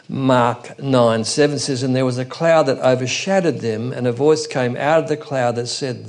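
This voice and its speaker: A man's voice: mid-range voice, gravelly. A man giving a conversational Bible teaching sermon, often quoting scripture as he explains it. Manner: thoughtful, conversational teaching with frequent scripture quotes. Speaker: preacher.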